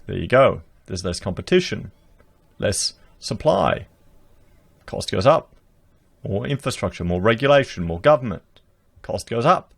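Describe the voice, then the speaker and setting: A man's voice: lowish voice, expressive, measured pace, vocal fry, pauses often, breathy edge. An Australian man giving emphatic, rhetorical political commentary to his viewers, reading out news and reacting to it, recorded close on a podcast mic. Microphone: podcast dynamic mic.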